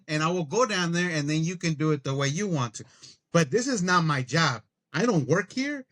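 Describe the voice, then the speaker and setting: Brief: middle-aged guy, slightly raised pitch, ranting profanely in casual chat. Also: fairly quick. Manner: animated, profane ranting storyteller. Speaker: podcast co-host.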